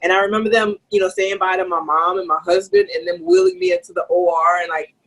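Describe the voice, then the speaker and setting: A young woman with a husky voice, casual and frank, talking in a conversational podcast. Her pitch swings widely as she tells her story, peppered with "like" and blunt swearing. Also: animated, fast talker, fairly bright tone, poor audio. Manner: swears freely, many "like" fillers. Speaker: podcast co-host. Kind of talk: candid storytelling chat.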